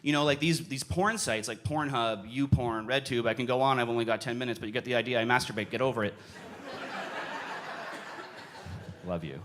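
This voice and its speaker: A young man performing a stand-up comedy set on a club stage, with animated delivery and sudden yelling bursts as he acts out stories. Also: mid-range voice, moderate pace, pauses often, very noisy. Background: audience laughter.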